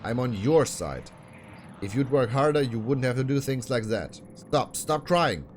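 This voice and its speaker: A man's voice: medium pitch, expressive, unhurried, slight background noise, close to an everyday voice. A man playing a bullying sleazy manager. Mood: scornful. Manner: scornful, bullying. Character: abusive middle-aged male talent manager, bullying.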